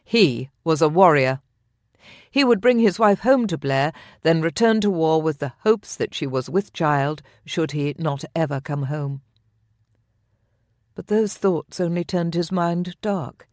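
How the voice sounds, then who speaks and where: An audiobook narrator reading scripted romance narration in a measured, intimate manner into a close studio mic. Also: medium pitch, lively intonation, no echo.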